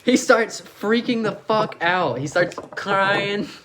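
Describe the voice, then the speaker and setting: A man's voice: high-pitched, takes it slowly, a bit bright, a little hiss or hum. A young man co-hosting a podcast, telling a crude story among friends and laughing through it. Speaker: podcast co-host.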